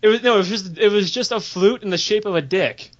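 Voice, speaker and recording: A young man casually telling game stories on a podcast, animated and profane, acting out the voices of the people he quotes. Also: high voice, fast talker. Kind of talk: casual storytelling chat. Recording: dull lo-fi podcast audio.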